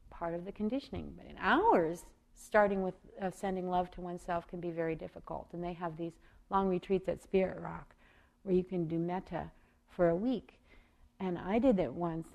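A woman giving a gentle, unhurried meditation talk, with soft fillers and small laughs. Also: on the low side, gravelly. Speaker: meditation teacher and singer. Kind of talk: gentle spoken dharma talk.

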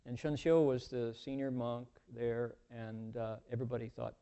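Folksy male dharma teacher, mellow. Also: medium pitch, fairly even intonation, normal speed, muffled recording. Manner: folksy, humorous, meandering. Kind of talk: folksy dharma talk storytelling.

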